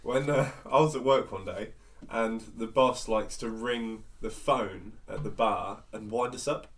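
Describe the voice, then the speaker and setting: A man's voice: fairly low pitch, a little slow, recorded from a distance. A man on a casual podcast, telling an anecdote and laughing mid-sentence.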